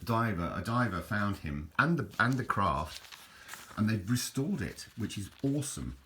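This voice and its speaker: Male host, deep voice, casual and meandering with lots of restarts. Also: sing-song, normal speed, sharp tone, a little hiss or hum. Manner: chatty, hesitant, with frequent restarts. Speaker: video host. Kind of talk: casual rambling commentary over photos.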